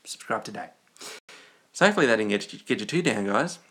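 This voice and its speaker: A man's voice: medium pitch, lively intonation, very fast, fairly bright tone. A young Australian man hosting a casual livestream, reading viewer comments and rambling in a goofy, playful way. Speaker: livestream host.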